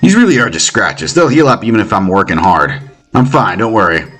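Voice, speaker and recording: A man voicing a gruff, blunt veteran fighter in a game read-through. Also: fairly low pitch, sing-song, brisk, a bit bright, faint music behind. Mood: reassuring.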